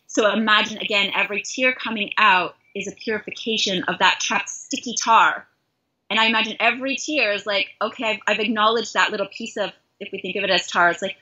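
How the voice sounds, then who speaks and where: In a dull lo-fi recording, a middle-aged woman from Canada who works as a life coach reflects sincerely on herself during an interview conversation. Her husky, medium-pitched voice is pushed and bright, a little fast, with fairly even intonation.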